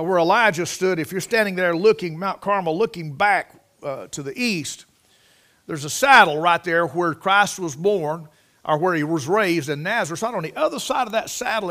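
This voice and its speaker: A male preacher with a high voice, working through a sermon. He mixes folksy stories with scripture read aloud, leaning hard on the phrases he wants his listeners to notice. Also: pushed and bright. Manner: folksy storytelling, reading scripture aloud with emphasis.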